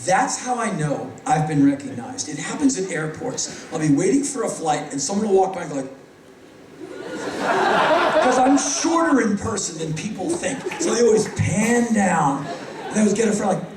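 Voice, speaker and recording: A man performing live stand-up storytelling, animated and sardonic, acting out other people's voices. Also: sits high, normal speed, background noise. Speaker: spoken-word performer. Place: large hall on stage. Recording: roomy live hall, distant mic. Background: audience laughter.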